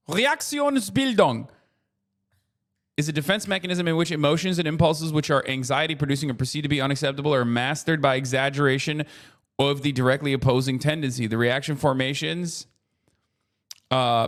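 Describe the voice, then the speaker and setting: A man streaming casual commentary, talking in an animated, profane way that keeps breaking into loud mocking rants. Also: medium pitch. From United States. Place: traveling in Japan.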